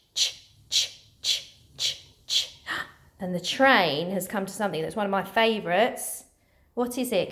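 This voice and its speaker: A woman teacher leading a phonics lesson for young children, speaking slowly and encouragingly and sounding out letters one by one. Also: fairly high pitch.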